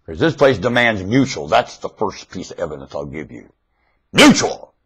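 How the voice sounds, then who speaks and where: Husky man in a wildly swinging rant. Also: big pitch swings, brisk. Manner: swings between loud emphatic outbursts and low mutters; blunt, confrontational. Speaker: webcam video maker. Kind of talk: rambling spiritual monologue. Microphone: webcam microphone.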